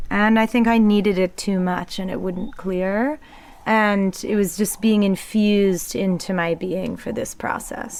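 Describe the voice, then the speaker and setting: A woman talking reflectively about spiritual experiences in a casual conversation, often pausing with ums. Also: mid-range voice. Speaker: guest sharing spiritual experiences.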